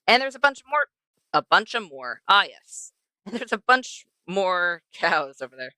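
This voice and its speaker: Woman, streamer, casual gameplay chat, bright tone, dry close sound. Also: medium pitch, big pitch swings, a little slow, no room sound. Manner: chatty, talks to herself and the animals.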